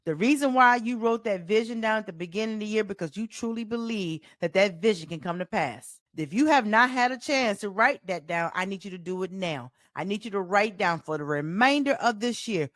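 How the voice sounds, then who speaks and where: A woman with a light Southern US accent talks straight into a close mic, coaching her podcast listeners. Her delivery is animated and folksy, and she repeats key phrases like a preacher driving a point home. The sound is dry, with no room echo. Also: mid-range voice, fairly quick, hardly any pauses. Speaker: life coach and podcast host. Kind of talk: solo motivational podcast talk.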